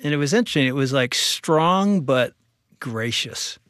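A man speaks at a middle pitch with earnest, reflective storytelling. The sound is dry and close, with no room behind him. He is recounting a personal testimony in conversation. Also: animated, normal speed, fairly bright tone, no room sound. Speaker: pastor and guest speaker.

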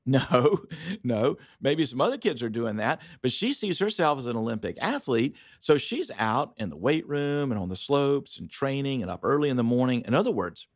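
A man, a pastor telling lively stories as a guest in a studio conversation. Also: medium pitch, moderate pace, dry recording. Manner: lively, acts out voices in his stories. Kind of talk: animated storytelling in a studio conversation.

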